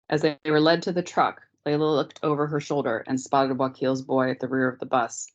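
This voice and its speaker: A woman teacher reading a novel aloud to a class in a steady, measured way, on dull lo-fi meeting audio. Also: a bass voice.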